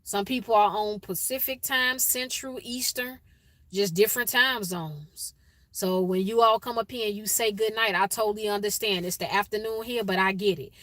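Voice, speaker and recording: A woman's voice: medium pitch, fairly even intonation, moderate pace, fairly bright tone, no room sound. A woman with a Chicago accent hosting a casual livestream, chatting with viewers and greeting them by name. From Chicago, USA. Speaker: livestream host.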